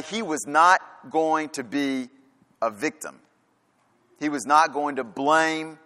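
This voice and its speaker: A pastor with a fairly high, bright voice preaches forcefully in church. He fires off rhetorical questions and drives his points home by repeating them, all under the long reverb of a large hall.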